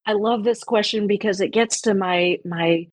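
A woman's voice: mid-range voice, normal speed, dry recording. A woman from the Baltimore area, speaking as a linguist guest, explaining in an articulate and enthusiastic way. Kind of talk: conversational explanation.

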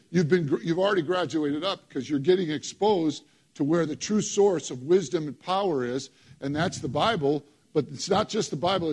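A man's voice: fairly high pitch, a little mellow, husky. A man preaching a sermon in church, working the congregation with emphatic call-and-response and short repeated phrases. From New York. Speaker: pastor.

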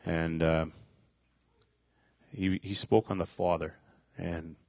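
A middle-aged man telling a personal faith testimony, halting, with many fillers and restarts. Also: low-pitched, level tone, gravelly, a little mellow, no room sound. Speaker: speaker sharing a testimony.

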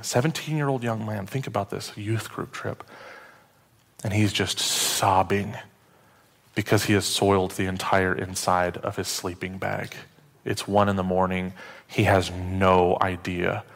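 A man's voice: low-pitched, steady tone, measured pace, gravelly, in a large hall. Conversational male pastor preaching. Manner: conversational, self-deprecating, drops to hushed tones for emotional story moments. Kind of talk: sermon.

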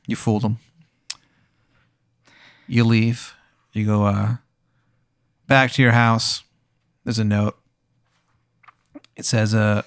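A young man running a comic tabletop game as game master, deadpan and laughing at his own bits. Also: fairly low pitch, slow, long pauses, smooth, no echo, clean studio sound. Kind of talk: improvised comic tabletop narration.

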